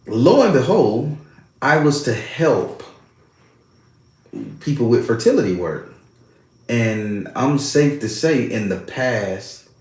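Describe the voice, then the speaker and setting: A middle-aged man, a spiritual worker and host, telling a story in a casual, profane, streetwise manner. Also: lowish voice. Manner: profane, animated, streetwise slang. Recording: very echoey room.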